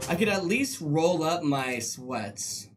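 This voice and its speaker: A man's voice: fairly high pitch, expressive, takes it slowly, over music, rough recording. A male game streamer chatting casually and joking with his live chat. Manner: joking, playful banter with chat.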